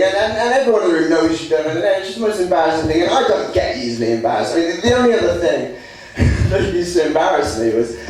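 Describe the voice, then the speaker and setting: Young man doing stand-up, lively pitch. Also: slight background noise. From England. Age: young adult. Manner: lively, puts on high voices for quoted people. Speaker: stand-up comedian. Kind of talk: stand-up routine. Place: student comedy stage. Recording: echoey room from far off with audience laughter.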